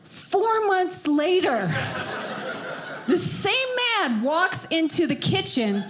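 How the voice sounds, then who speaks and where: A woman performing a stand-up comedy set on a club stage, working the crowd with animated, loud outbursts. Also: extremely high pitch, takes it slowly, background noise.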